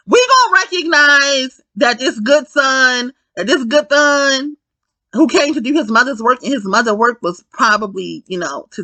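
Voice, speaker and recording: A woman giving a casual spoken film review, animated and profane, often repeating herself and correcting her words. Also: on the high side, no echo.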